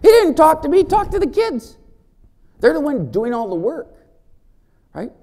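Speaking in a very high, gravelly voice at normal speed, a man delivers a conference keynote as a First Nations chief. He's animated and jokey, frequently putting questions to the audience.

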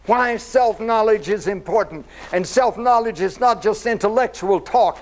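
An older man giving an animated storytelling talk to an audience. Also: high voice, moderate pace, hardly any pauses, poor audio. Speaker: speaker.

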